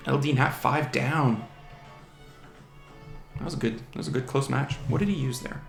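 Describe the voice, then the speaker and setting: A man's voice: mid-range voice, fairly even intonation, moderate pace, gravelly. A man giving casual commentary on his own online game match, chatting strategy aloud and teasing the opposing monsters. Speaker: gaming channel host. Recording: roomy home recording with faint music.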